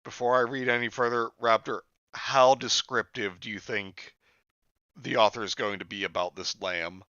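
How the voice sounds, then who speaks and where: A man's voice: mid-range voice, fairly even intonation, moderate pace, pushed and bright, smooth, no echo, lo-fi sound. A man co-hosting a podcast, reading a horror story aloud with sarcastic asides. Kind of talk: casual read-along with jokes.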